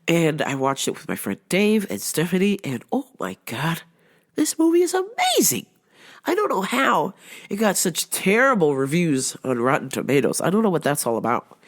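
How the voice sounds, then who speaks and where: A woman vlogger tells stories in a casual, chatty monologue. Her pitch swoops lively up and down, and she laughs often. She exaggerates as she retells things. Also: moderate pace.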